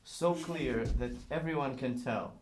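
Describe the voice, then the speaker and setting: A man's voice: medium pitch, unhurried. A man teaching a child violin one-on-one, patiently explaining and singing the bowing rhythms aloud. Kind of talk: one-on-one music lesson. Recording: echoey room with faint noise.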